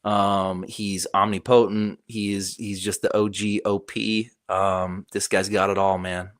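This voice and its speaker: Low-voiced man in casual chat. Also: level tone, unhurried, fairly bright tone, dry recording, studio quality. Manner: enthusiastic, rambling with many fillers and restarts. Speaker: podcast co-host. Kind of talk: casual chat, recapping a show.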